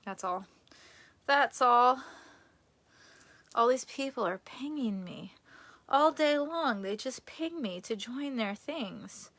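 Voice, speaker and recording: A young woman from the United States chatting casually on a live stream at home, self-deprecating and quick to laugh. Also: high voice, lively intonation, fairly bright tone. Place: indoors at home near a bed. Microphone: phone or camera on a tripod.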